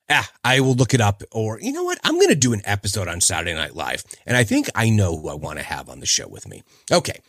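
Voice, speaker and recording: A man in his forties hosts a podcast alone, talking in a rambling, chatty way. His voice sits fairly low but swings widely up and down. The sound is dry and close, with no room around it. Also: no room sound. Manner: rambling, chatty, trails off searching for names. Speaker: podcast host. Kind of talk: casual solo podcast chat.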